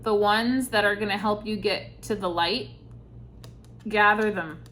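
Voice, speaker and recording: A woman giving an intuitive tarot reading, speaking softly and reflectively, with sighs and pauses between thoughts. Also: medium pitch, a little hiss or hum. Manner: slow, soft-spoken, reflective, with sighs and pauses. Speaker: tarot reader.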